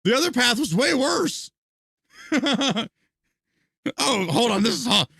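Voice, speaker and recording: A man's voice: extremely high pitch, big pitch swings, slow, creaky, sharp tone, husky, dry recording, studio quality. A man streaming a video game, ranting with heavy profanity and bursts of laughter as he comments live.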